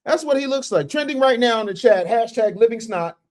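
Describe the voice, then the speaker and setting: A man's voice: very high voice, lively intonation, brisk, darkish tone. A man hosting a live reaction stream, mocking and roasting clips and reading viewer messages in a rowdy casual way. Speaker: livestream host.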